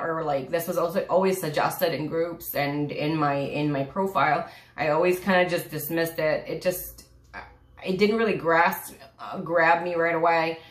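A woman vlogger reviewing a TV series in casual chat, rambling and gushing with sighs, many fillers and restarts, close to tears. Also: low-pitched. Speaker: YouTube reviewer. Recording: echoey room.

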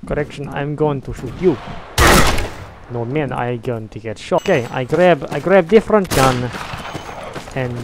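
A man's voice: medium pitch, measured pace, long pauses, background noise, natural voice. A man joking in a put-on Russian accent with broken English while gaming. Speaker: gamer. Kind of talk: comedic gaming chat in a fake Russian accent. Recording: loud gunfire over game audio.

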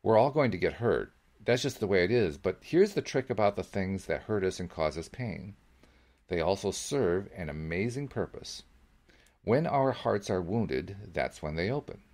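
A man reading the part of an older woman, a gentle, wise grandmother who calmly reassures a boy. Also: low-pitched, normal speed. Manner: calm, patient, reassuring.

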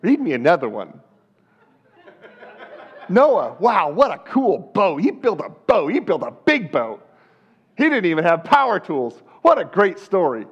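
A man doing a wide-eyed churchgoer voice, gushing and mock-amazed, a bit breathy and set apart from his normal tone. The recording is dull and lo-fi. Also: high voice, wildly swooping pitch, a little slow, long pauses, exaggerated voice. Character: starry-eyed churchgoer gushing over Bible stories.

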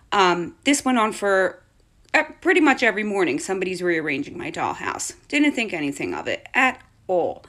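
Animated woman telling a spooky story. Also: mid-range voice, normal speed. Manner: animated, acts out the voices in her story. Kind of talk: casual storytelling to camera.

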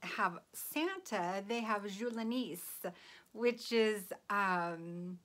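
A woman vlogger chatting casually about her gifts, gushing and giggling, sometimes dropping to a soft whisper. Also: medium pitch, expressive, very slow. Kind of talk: casual chatty haul video. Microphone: phone.

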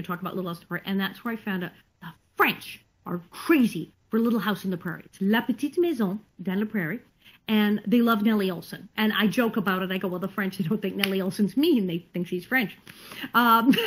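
A woman actress chatting in an interview over a video call, telling animated stories with laughter. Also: medium pitch, slightly rough, poor audio. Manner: animated, laughing, acts out quotes. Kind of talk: casual storytelling interview.

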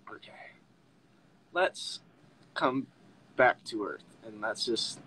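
A young man hosting a casual livestream, emotional and laughing, talking in halting restarts. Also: medium pitch, animated, pushed and bright, breathy edge, low-quality recording. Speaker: livestream host.

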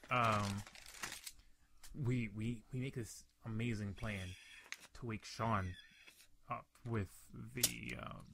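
A man's voice: medium pitch, creaky, noisy background. A young man hosting a casual podcast chat, telling a profane story full of restarts and fillers. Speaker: podcast host.

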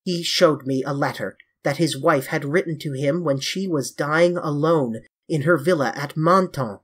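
A reader voicing a grave, earnest male painter who pleads and reproaches his young friend, with a husky tone. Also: on the high side, normal speed, fairly bright tone. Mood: pleading.

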